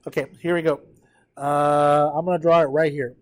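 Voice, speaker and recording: A tired man with a fairly high, level voice teaches a math class at a moderate pace. Lecturing live at a whiteboard, he walks students through a graph and checks in with them often.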